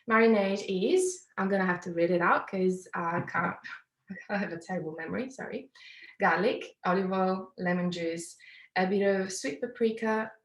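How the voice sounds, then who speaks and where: Woman with an Italian accent, friendly step-by-step cooking tutor, recorded in a roomy kitchen. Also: lowish voice. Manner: chatty, apologetic, step-by-step explaining. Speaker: cooking demonstrator. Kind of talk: live cooking class demonstration. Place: home kitchen.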